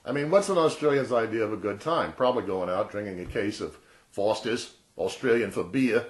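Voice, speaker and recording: A man's voice: lowish voice, animated, fairly quick. A man in his sixties chatting casually and jokingly to camera as a vlogger. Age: 60s. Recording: roomy echo.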